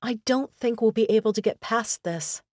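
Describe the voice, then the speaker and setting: Woman voicing a high, tearful young woman. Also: normal speed, darkish tone, no echo, clean studio sound, lightly acted. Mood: flustered. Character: young woman, emotional, anxious in love.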